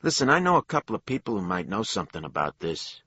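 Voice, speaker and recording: A man's voice: on the low side, sing-song, fast, sharp tone, slightly rough, no echo, lo-fi sound, pitched above the performer's own voice, heavily acted. Man doing a jittery New Jersey hospital worker. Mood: rattled. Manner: defensive, jittery denials. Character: nervous male hospital worker, small-time pilferer. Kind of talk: audiobook character voice.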